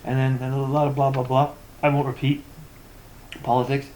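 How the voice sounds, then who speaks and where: A man's voice: medium pitch, little pitch movement, normal speed, darkish tone, slight background noise. Exasperated, stammering man ranting. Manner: rambling, stammering repetitions; sarcastic and exasperated. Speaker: tech vlogger. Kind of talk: ranting commentary reading forum posts.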